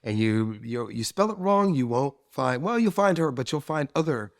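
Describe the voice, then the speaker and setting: A man's voice: mid-range voice, moderate pace. Chatty man hosting an interview. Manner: relaxed, chatty, laughs along. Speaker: interview host. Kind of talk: casual interview.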